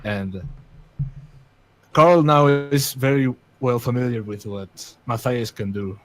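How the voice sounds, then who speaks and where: Slow, thoughtful man playing the game. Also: medium pitch, rough recording. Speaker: player. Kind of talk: tabletop game play.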